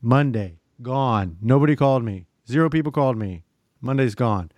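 A man's voice: medium pitch, normal speed, dry recording. A man in his thirties telling a long story in casual chat, swearing freely and acting out other people's lines. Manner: profane, animated, mimics other people in quotes.

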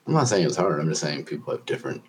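A man with a very deep, husky voice and lively pitch, chatting casually on a podcast. He drops in short, joking, self-deprecating comments. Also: rapid-fire. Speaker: podcast co-host. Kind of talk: casual chat.

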